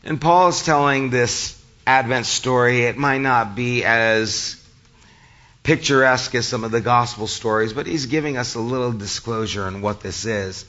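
A male pastor preaching a sermon, his voice a little hoarse from a cold, speaking conversationally to the congregation. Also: medium pitch, normal speed, sharp tone, dull audio. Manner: conversational, addresses the congregation directly.

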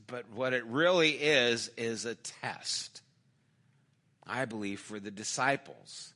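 Male pastor, sermon, bright tone, slow storytelling delivery. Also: mid-range voice. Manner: storytelling, acts out quoted lines in a dropped, softer voice; conversational, with small restarts.

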